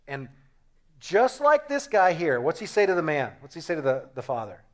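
A preacher with a fairly high voice delivers his sermon in an animated, rhetorical way. He poses questions to the congregation and plays out little back-and-forth scenes as he goes. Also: moderate pace. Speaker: pastor.

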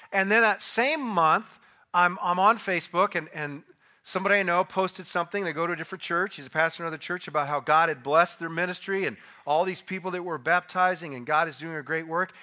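Bright-voiced man preaching a story. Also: a little high. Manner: conversational storytelling, rising to loud acted outbursts. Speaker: pastor. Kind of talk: sermon with personal anecdote.

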